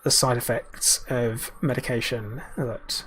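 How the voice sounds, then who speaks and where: A man's voice: medium pitch, steady tone, slow, a bit bright, a little hiss or hum. A man live-streaming a game, chatting casually in a rambling way and answering viewers' chat messages.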